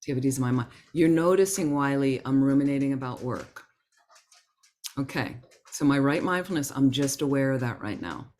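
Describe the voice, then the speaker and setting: A woman teaching a Buddhist class in a gentle, conversational way, acting out her inner thoughts as examples. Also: very deep voice, expressive, moderate pace. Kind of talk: Dharma talk to a class.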